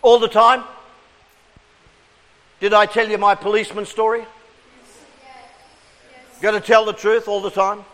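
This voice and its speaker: A man's voice: high-pitched, level tone, measured pace, long pauses, a bit bright, in a large hall. A man preaching an interactive sermon, coaxing the congregation with questions and call-and-response.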